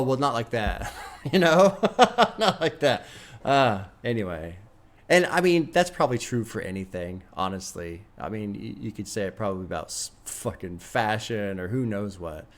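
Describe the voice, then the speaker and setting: A man with an ordinary mid-range voice reacts to music live on stream. He rambles, swears and gets audibly excited, speaking casually into a home streaming mic. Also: mid-range voice. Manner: excitable, profane, chatty, laughs often. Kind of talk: first-listen album reaction.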